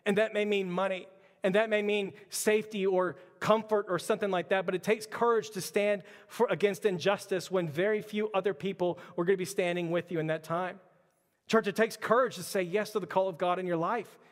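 A man's voice: high voice, steady tone, brisk, big-room sound. A man preaching a sermon as pastor, emphatic and repetitive, with stammered restarts.

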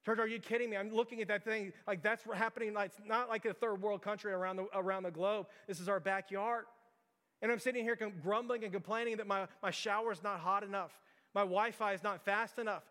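Male pastor, bright high voice, casual sermon style, long church reverb. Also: fairly even intonation, fairly quick. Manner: informal, filler-heavy storytelling with direct challenges. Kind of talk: conversational sermon. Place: church sanctuary.

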